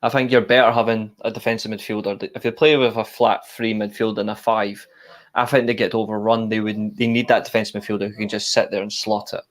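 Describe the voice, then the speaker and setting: Opinionated man, low voice. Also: little pitch movement, fairly quick. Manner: opinionated, rambling match analysis with restarts. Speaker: co-host of a football watchalong. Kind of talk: casual live-stream chat.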